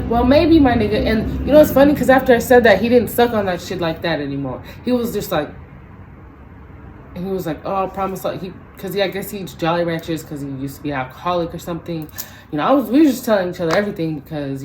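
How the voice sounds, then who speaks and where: A woman in her twenties telling a story in a ranting vlog, animated and profane, acting out both sides of the conversation. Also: lowish voice, brisk, a little hiss or hum, poor audio. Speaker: vlogger.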